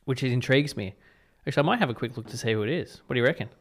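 An Australian man co-hosting a breakfast radio show, chatting casually and joking with his co-host. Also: mid-range voice. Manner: quick, animated banter with laughs.

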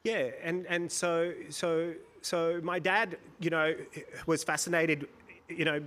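A middle-aged man from India, a panel guest on stage, telling his story in an animated way, acting out voices and laughing often. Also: on the high side, slow pace. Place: stage before a live audience.

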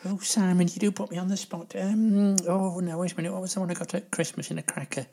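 A woman's voice: lowish voice, steady tone, fast talker, creaky, mellow, pitched above the performer's own voice. A woman voicing a chatty, rambling elderly woman co-hosting a radio show. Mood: flustered. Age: older. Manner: gossipy, rambling, fussy.

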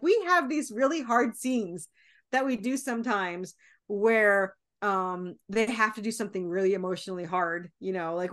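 A woman with a fairly high voice speaks as a guest in a casual podcast interview. She tells stories in an animated way, full of fillers and quick laughs. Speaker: guest comic creator and co-author.

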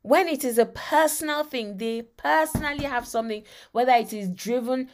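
A woman's voice: sits high, normal speed. A woman preaching a sermon, emphatic and often asking her listeners whether they understand.

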